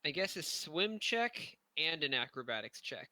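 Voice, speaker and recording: A man running a tabletop game as game master, calling for rolls and describing results in a plain, matter-of-fact way with small pauses. The sound is close and dry. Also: fairly high pitch, sing-song, bright, forceful tone, dry recording, low-quality recording.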